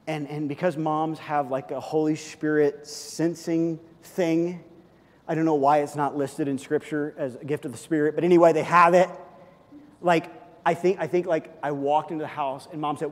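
A middle-aged man preaching a sermon as pastor, telling a story in an animated, chatty way with lots of fillers. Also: on the high side, normal speed. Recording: long reverb of a large hall.

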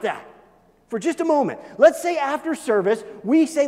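A man preaching a sermon, animated, swinging between loud emphasis and hushed asides. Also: very high-pitched, moderate pace, long reverb tail. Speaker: pastor.

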